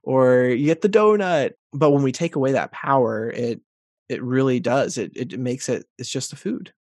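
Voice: medium pitch, normal speed, darkish tone, no echo, studio quality. A podcast host chatting casually, affirming the guest and telling short anecdotes. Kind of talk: podcast interview conversation.

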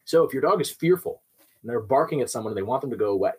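A young man with a noticeably husky, rough-edged voice explains dog behavior in an instructional way. His pitch moves a lot as he talks, and he leans on everyday examples to make his points. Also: lively intonation, very fast, low-quality recording. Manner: explains with everyday examples, often asks "right?". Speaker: dog trainer. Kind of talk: instructional talk.

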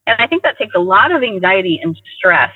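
A man with a notably high voice tells personal stories in an animated, casual way, acting out the voices of others as he goes. The sound comes through a tinny, phone-like line with a long, echoing tail and a dry edge. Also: fairly quick, breathy edge. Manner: animated, acts out quoted dialogue. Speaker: guest sharing personal stories. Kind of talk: casual conversational storytelling.

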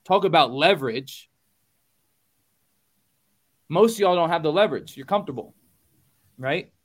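A man's voice: on the high side, lively intonation, measured pace. A man with a slightly raised voice gives a motivational talk as a business coach on a podcast. He is emphatic and punchy, stacking repeated phrases, and talks casually to his listeners. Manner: casual, addresses listeners as y'all.

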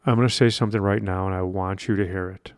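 A man's voice: deep voice, fairly even intonation, quick pace, clean tone, dry recording, clean studio sound. A man hosting a solo podcast as a confidence coach, talking earnestly and emphatically with wry asides.

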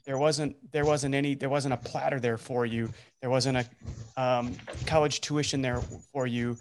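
A male podcast host summing up his guest's story in a reflective, halting way. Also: medium pitch, fairly even intonation. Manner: reflective, with many fillers and restarts. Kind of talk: casual interview.

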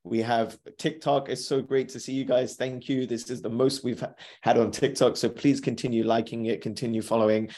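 A man's voice: medium pitch, steady tone, brisk, darkish tone. Upbeat guy hosting a motivation podcast, chatty, says welcome a lot. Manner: upbeat, repeats greetings, self-talk asides. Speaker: podcast host. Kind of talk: live motivational podcast chat.

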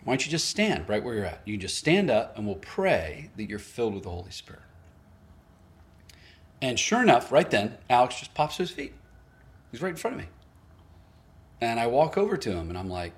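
A man's voice: medium pitch, very animated, fairly quick, long pauses. A man preaching a sermon, earnest and storytelling, acting out both sides of a conversation with small laughs at himself. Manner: storytelling, quoting others in varied voices; earnest, with self-deprecating laughs. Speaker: pastor.

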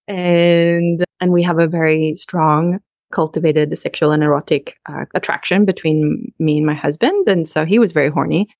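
A woman's voice: fairly low pitch, a little slow, no echo, studio quality. A young woman talking candidly and emphatically in a conversation, frank and outspoken. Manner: frank, emphatic, openly explicit.

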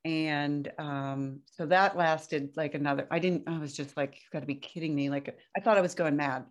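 Woman on an interview, lowish voice, animated storytelling, spikes way up for quotes. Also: moderate pace. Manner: animated, breaks into high-pitched quoted outbursts. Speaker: guest. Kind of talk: casual storytelling.

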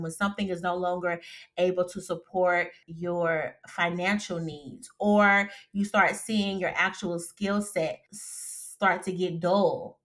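A woman's voice: medium pitch, bright, forceful tone. A woman hosting a solo career-coaching podcast, talking casually and animatedly, often laughing and asking "right?".

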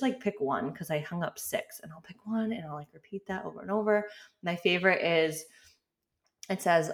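A woman in her thirties hosting a podcast, talking casually and chattily with frequent fillers and light laughs. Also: fairly low pitch. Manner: chatty, relaxed, lots of "like" and laughs. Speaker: podcast host. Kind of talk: casual solo podcast talk.

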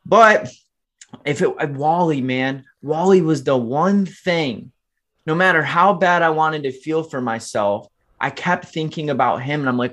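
A man's voice: fairly high pitch, measured pace, a bit bright. A man in his twenties, a podcast guest, telling his life story in an earnest, motivational way and often turning to the listeners directly. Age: 20s. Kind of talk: candid storytelling interview.

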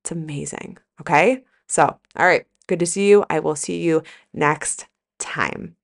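A middle-aged woman hosts her podcast, delivering an emphatic, energetic pep talk with plenty of repetition and casual swearing. Her voice sits fairly low and has a gravelly, fried edge. She speaks into a close podcast mic. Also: unhurried. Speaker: podcast host and coach. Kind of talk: motivational podcast monologue.

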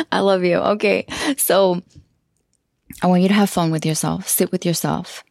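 Female podcast host, low gravelly voice, effusive and heartfelt, dry close mic. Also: steady tone, measured pace, no echo. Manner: warm, effusive, emotional, laughs often. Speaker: podcast host and self-love coach.

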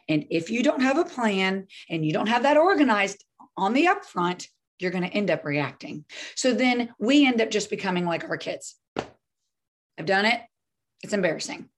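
A woman parenting coach talking through a group coaching session, lively and often acting out scenarios. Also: medium pitch, moderate pace. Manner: lively, acts out scenarios with voices.

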